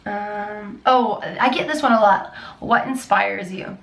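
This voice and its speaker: A woman talks straight to the camera in a loose, rambling chat, often starting a sentence over. Her voice sits at an ordinary middle pitch. The room around her is echoey. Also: takes it slowly, gravelly, a bit bright. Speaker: dance teacher and choreographer. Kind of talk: casual chatty Q&A vlog.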